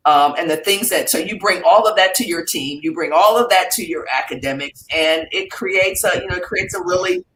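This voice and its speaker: A woman's voice: fairly low pitch, a little fast, few pauses, a bit bright. A woman who is a former college athlete, speaking earnestly and emphatically on a casual panel. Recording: roomy echo.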